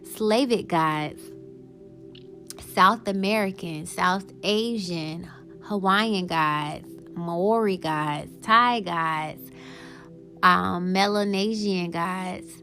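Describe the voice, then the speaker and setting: A young adult woman hosting her own podcast in casual solo chat, excitable and quick to laugh, slowing down to read out lists. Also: on the low side, soft background music. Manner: chatty, excitable, laughs often, slows down reading lists. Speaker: podcast host.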